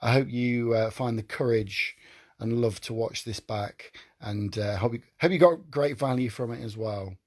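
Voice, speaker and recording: A man's voice: medium pitch, moderate pace, a little mellow. A man hosting his own live stream, talking earnestly and emotionally, often repeating himself as he pleads with viewers.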